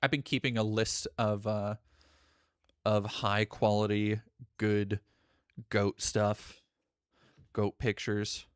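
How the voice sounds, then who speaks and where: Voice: mid-range voice, takes it slowly, pauses often, clear, resonant tone, dry recording, studio quality. A streamer talking casually to chat while reacting to videos, swearing freely and thanking donors. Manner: profane, animated, chatty. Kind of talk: casual live-stream commentary.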